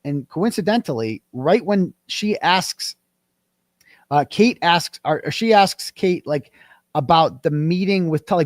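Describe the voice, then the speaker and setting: Animated man telling a story, lively pitch. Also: a little slow, no room sound, clean studio sound. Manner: animated, acts out quoted dialogue. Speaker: guest. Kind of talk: casual interview storytelling.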